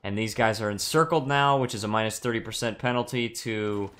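A man's voice: lowish voice, brisk, fairly bright tone. Giggly young man streaming a war game. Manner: giggly, jokey, reads chat aloud. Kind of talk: casual gameplay chat.

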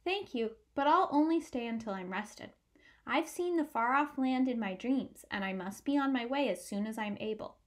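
A woman's voice: a little high, lively intonation, moderate pace, natural voice. A woman voicing a young male mouse from a storybook, polite and eager. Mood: earnest. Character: young hopeful male mouse, earnest and brave.

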